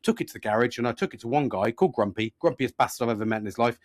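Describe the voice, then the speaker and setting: A man's voice: medium pitch, rapid-fire, no echo. A man on a casual podcast, telling a story and venting with lots of swearing. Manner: animated, swears a lot, rising to loud exasperated rants. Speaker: podcast host.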